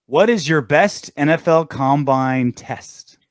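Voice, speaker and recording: A man's voice: on the high side, slow, dry recording. A man hosting a sports podcast, chatting casually, riffing and joking with his co-host. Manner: animated, riffing and quoting shows with playful voices. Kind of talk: casual chat.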